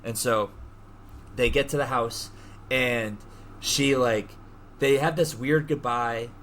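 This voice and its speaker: A man hosting a podcast, casually retelling a movie plot in an animated way, swearing freely. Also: mid-range voice, slow pace, a little hiss or hum. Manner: animated storyteller who swears freely and acts out quotes. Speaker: podcast host.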